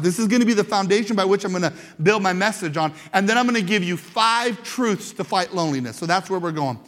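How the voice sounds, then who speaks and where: A high-pitched man delivering a lively church sermon, often repeating words and restarting phrases as he drives his point home. His voice rings out through a large sanctuary with a long, trailing reverb. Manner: animated, repeats words, acts out quoted shouts. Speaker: pastor.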